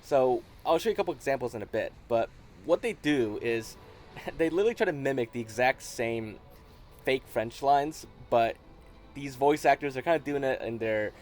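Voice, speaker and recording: A man hosting a gaming video, explaining in a relaxed, casual way, with frequent restarts. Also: mid-range voice, brisk, a little hiss or hum. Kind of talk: casual commentary.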